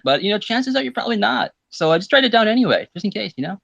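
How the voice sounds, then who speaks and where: Quick, slightly high-voiced man, rambling and self-mocking, dry close mic. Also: big pitch swings, gravelly, fairly bright tone, no echo, lo-fi sound. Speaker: panel participant. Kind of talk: casual group video chat. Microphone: video call.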